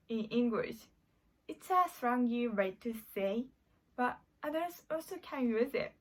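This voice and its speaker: Slow-speaking Japanese woman teaching. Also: on the high side, poor audio. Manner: careful, deliberate explaining with example phrases. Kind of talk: slow explanatory lesson.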